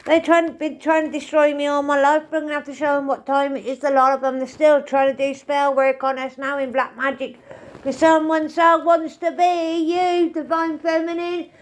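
A woman's voice: high voice, flat delivery, moderate pace. Rambling, foul-mouthed woman. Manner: rambling, swears often, calls listeners mate and darling. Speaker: tarot reader. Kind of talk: casual spiritual reading to camera.

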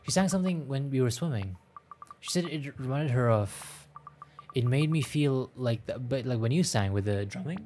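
A man's voice: mid-range voice, expressive, normal speed, a little mellow, faint music behind, lightly acted. A man voicing a curious, eager teenage girl in a game, full of questions.

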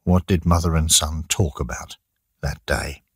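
Deep husky guy narrating a learners' audiobook, slow and lively, dry sound. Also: no room sound. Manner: slow, plain, deliberate reading for learners. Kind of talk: graded-reader audiobook narration.

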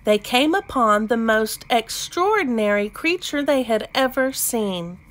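A woman narrates a children's picture book with gentle expression. She reads slowly in a slightly high voice and gives each line room to breathe. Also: lively intonation. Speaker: storybook reader. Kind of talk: children's read-aloud narration.

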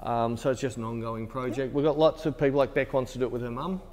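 A man's voice: mid-range voice, fairly even intonation, fast, a little mellow, big-room sound. A British man, a photographer, telling a rambling story in casual chat while teaching, laughing easily. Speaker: photographer and tutor. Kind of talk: casual behind-the-scenes chat. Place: photo studio.

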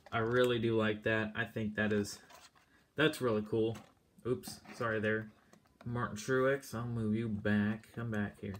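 A man's voice: medium pitch, a little hiss or hum. A man casually walking through his diecast car collection, rambling with lots of fillers and a bit out of breath.

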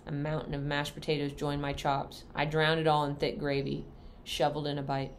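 A woman reading a novel aloud in a folksy, unhurried storytelling manner. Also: deep voice, flat delivery. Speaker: reader.

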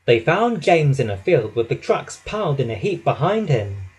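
A man reading a children's story aloud with an expressive storytelling delivery. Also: medium pitch, normal speed, husky, low-quality recording. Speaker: storybook reader.

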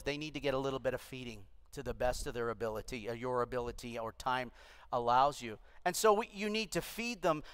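A man's voice: high-pitched, fairly bright tone, smooth. Preaching man in a reverberant church hall. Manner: exhorting, calls for congregation responses. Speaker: pastor. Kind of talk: sermon. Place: large church auditorium.

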